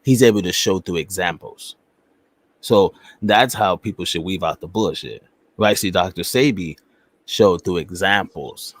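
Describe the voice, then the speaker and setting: A man's voice: sits low, unhurried, no echo. A man hosting a podcast in loose, casual chat, swearing freely and often checking in with the listener. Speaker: podcast host.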